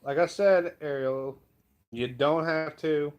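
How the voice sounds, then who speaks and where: A man hosting a casual live stream, reading out a little and then rambling along in a folksy, unhurried way. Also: on the high side. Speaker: livestream host.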